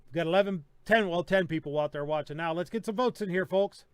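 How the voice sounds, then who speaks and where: A man's voice: high voice, fast, clear, resonant tone, no room sound. A middle-aged man hosting a casual live-stream podcast, telling stories bluntly and with plenty of swearing. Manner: blunt, profane storytelling. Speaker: podcast host.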